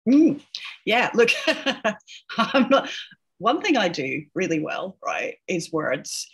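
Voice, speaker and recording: Husky, chatty woman linguist guest. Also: mid-range voice, big pitch swings, slow pace. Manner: chatty, laughs often, tags "right?". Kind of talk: casual interview chat.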